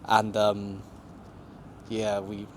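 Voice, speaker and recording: Guy, lowish voice, easygoing outdoor interview chatter, faint traffic behind. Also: completely flat delivery, drawn-out words, a little mellow. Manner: laid-back, conversational, lots of "you know". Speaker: travel vlogger being interviewed. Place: outdoors in a city park.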